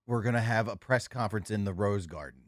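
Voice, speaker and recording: A man's voice: on the low side, fast talker, no room sound, studio quality. A man co-hosting a casual talk show, teasing and laughing a lot. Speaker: co-host. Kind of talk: casual banter.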